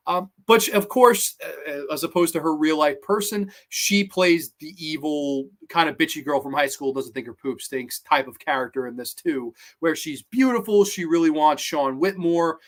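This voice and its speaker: A man hosting a horror movie review vlog, talking casually in an excitable, rambling and profane way. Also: fairly high pitch, normal speed, hardly any pauses.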